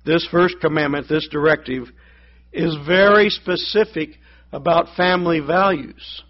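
A man's voice: on the high side, a little slow. Preacher man on a dull lo-fi recording. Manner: storytelling, acts out voices in the joke. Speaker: pastor. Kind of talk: sermon with a joke.

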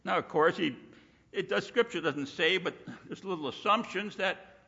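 A man preaching in a bright, forceful voice with a husky edge, folksy and animated as he acts out quoted voices. The recording is dull and lo-fi, with long reverb from a church hall. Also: sits high, moderate pace. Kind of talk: sermon.

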